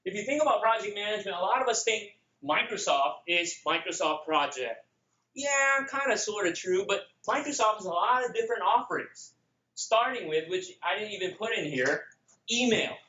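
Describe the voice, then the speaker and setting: High-voiced Filipino man presenting energetically. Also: normal speed, dull audio. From Philippines. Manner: energetic, joking, addresses the audience directly. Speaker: conference speaker. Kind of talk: lively conference presentation. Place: conference room.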